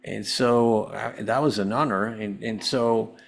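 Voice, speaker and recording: A man's voice: lowish voice, steady tone, measured pace, vocal fry. A man, a holistic health coach, telling his personal story as a podcast guest in an earnest, rambling way with many restarts.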